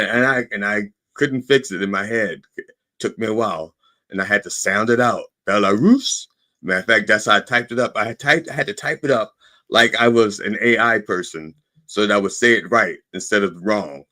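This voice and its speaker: A man's voice: on the low side, bright, forceful tone. A man hosting his own podcast, delivering a sarcastic, profane political monologue and punctuating his points with "okay?". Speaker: podcast host.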